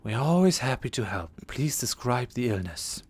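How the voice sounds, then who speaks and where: A man's voice: mid-range voice, sing-song, normal speed, breathy edge. A man voicing a young female temple priestess in a role-playing game, polite and distant.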